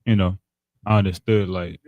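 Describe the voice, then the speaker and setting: A man's voice: sits low, little pitch movement, moderate pace, dry recording, phone-quality sound. A man from Georgia co-hosting a podcast, telling a story in a laid-back, slangy way. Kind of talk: casual podcast chat.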